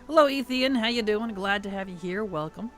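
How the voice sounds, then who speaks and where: A man's voice: high-pitched, fairly quick, fairly bright tone, soft background music. A man streaming a game, chatting casually, laughing often and greeting his chat as he plays. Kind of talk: casual gaming livestream chat.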